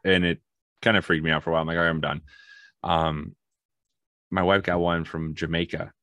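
A man's voice: low voice, little pitch movement, a little fast, bright, forceful tone, no room sound. A man co-hosting a casual podcast, telling stories and acting out phone calls in voices. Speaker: podcast co-host. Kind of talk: casual storytelling chat.

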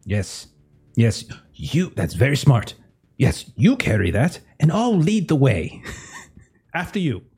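A man's voice: mid-range voice, huge pitch swings, takes it slowly, a little mellow, husky, full character voice. A man voicing a pompous, cowardly male artifact collector who boasts gallantly and insists on being the rescuer. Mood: grudging.

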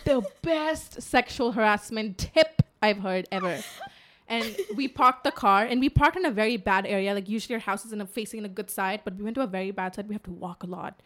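A woman in her twenties chatting casually as a podcast co-host, telling stories in an animated way with swearing and laughter. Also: medium pitch, brisk. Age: 20s. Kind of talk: casual chat.

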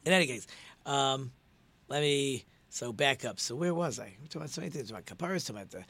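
A man's voice: mid-range voice, animated, fast talker, a bit bright. A middle-aged man, a prayer leader, giving an informal religious teaching talk in an earnest way, often repeating words and phrases for emphasis.

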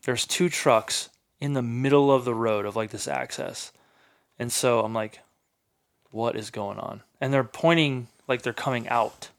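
A man's voice: mid-range voice, fairly even intonation, moderate pace. A man on a podcast, animatedly telling a hunting story in casual chat, swearing freely and packing his talk with fillers. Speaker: podcast guest, hunter. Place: in-person recording on a hunting trip.

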